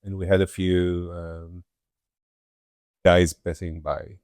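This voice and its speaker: A woman's voice: rumbling low, little pitch movement, slow, darkish tone, no room sound. A woman co-hosting a podcast in casual chat, making self-mocking, jokey complaints. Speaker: podcast co-host.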